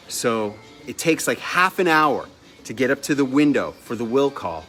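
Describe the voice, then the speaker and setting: Storyteller, male, middle pitch, chatty and animated, light music underneath. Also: moderate pace. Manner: chatty, lively anecdotal delivery with laughs. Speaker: entrepreneur telling a personal story. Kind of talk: casual storytelling.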